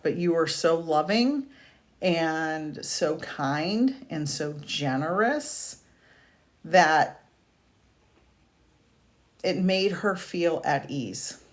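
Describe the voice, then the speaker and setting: A woman doing a live-streamed psychic reading, speaking softly and haltingly with many fillers, at times close to tears. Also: low-pitched. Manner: slow, soft-spoken, halting with fillers and restarts; emotional, tearful at moments. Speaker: psychic medium. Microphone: video call or stream mic.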